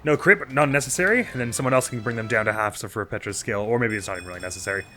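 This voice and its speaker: A let's play host with a lowish voice talks rapid-fire through his strategy game turn by turn, chatty and poking fun at himself as he reasons aloud. His delivery is bright and forceful, with faint game music underneath.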